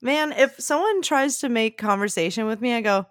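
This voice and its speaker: A woman's voice: fairly high pitch, animated, normal speed, hardly any pauses, no room sound, clean studio sound. A young woman co-hosting a casual chat podcast, wry and self-mocking, laughing often. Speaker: podcast co-host.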